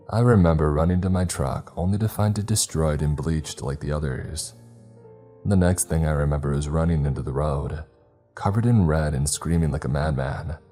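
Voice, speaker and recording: Brief: male horror narrator, very low and mellow, steady measured read, faint music underneath. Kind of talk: scripted first-person horror narration.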